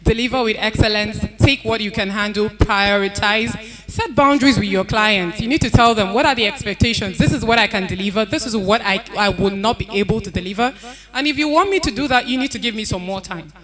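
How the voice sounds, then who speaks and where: A woman's voice: mid-range voice, brisk. A woman speaking on a conference panel, giving earnest advice and repeating her key points. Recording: event hall with crowd noise.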